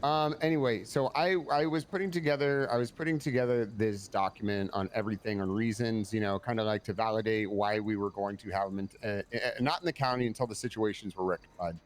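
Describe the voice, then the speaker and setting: A man's voice: on the low side, fast, few pauses, slight background noise. Rambling, profane man in game roleplay. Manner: rambling, profane storytelling with many restarts. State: tired. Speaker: police commander in roleplay. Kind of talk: in-character roleplay chat.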